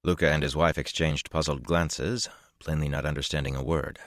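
A man narrating a fantasy audiobook in a measured, even manner. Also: very deep voice, dry recording, clean studio sound.

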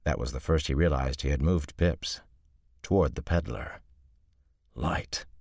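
A man narrates an audiobook in a calm, measured way. His voice sits extremely low, down in a rumbling bass. The recording is dry and close, with no room sound. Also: no room sound. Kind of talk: scripted narration.

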